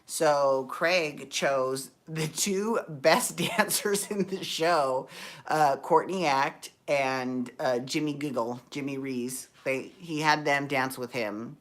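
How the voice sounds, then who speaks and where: A woman with a deep, low voice chats through a TV show recap. Her delivery is sassy and campy, full of gossipy slang. She rambles and corrects herself as she goes. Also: slow pace. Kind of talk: casual TV recap chat.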